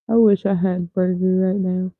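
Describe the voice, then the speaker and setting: A woman with a fairly low, warm voice hangs out with her livestream viewers, talking bluntly and peppering everything with profanity. The recording is dry and tinny, much like a phone.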